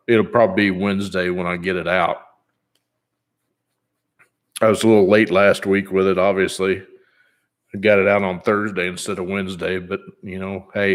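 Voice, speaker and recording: A man in his fifties chatting casually on his vlog in a rambling, easygoing way, with many fillers. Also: deep voice. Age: 50s. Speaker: channel host.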